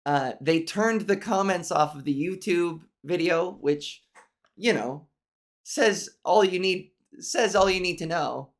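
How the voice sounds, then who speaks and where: A woman hosting a solo podcast, talking frankly with a nasal voice and plenty of swearing, consciously lifting her voice higher and forward as she talks. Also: takes it slowly. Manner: frank, profane, venting with restarts. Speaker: podcast host. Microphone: camera mic angled up from below.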